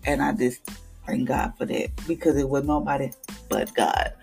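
A woman's voice: rumbling low, fairly even intonation, normal speed, gravelly, darkish tone, faint music behind. A woman hosting a devotional podcast, speaking in a casual, emphatic way and acting out what she said to others.

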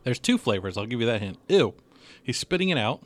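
Man, a dad co-host, lively up-and-down voice, self-mocking chat. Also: mid-range voice, fairly quick. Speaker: podcast co-host, father. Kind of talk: casual chat, snack review.

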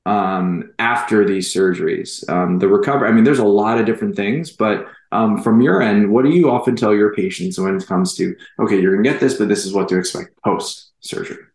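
Male host, low voice, rambling questions, lots of fillers, echoey room. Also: fairly quick, few pauses, darkish tone. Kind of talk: conversational interview. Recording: roomy echo.

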